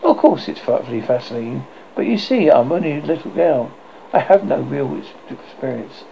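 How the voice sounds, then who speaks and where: A man's voice: medium pitch, big pitch swings, moderate pace, gravelly, a little hiss or hum. A man reading aloud and voicing a young girl who plays a prim, motherly role for a group of boys, in a dull lo-fi recording. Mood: demure.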